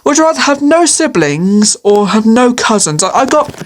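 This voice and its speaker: A woman's voice: fairly high pitch, sing-song, normal speed, slight background noise. A woman chatting on her own through a quiz, playful and hesitant, with many fillers and frequent laughter. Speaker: video creator answering quiz questions. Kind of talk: casual solo commentary.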